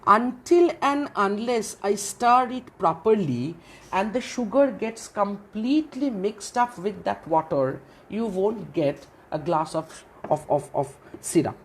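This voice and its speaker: A woman's voice: medium pitch, expressive, slow pace, slight background noise. A woman giving a literature lecture, who asks questions and answers them herself and often repeats phrases. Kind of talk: classroom lecture.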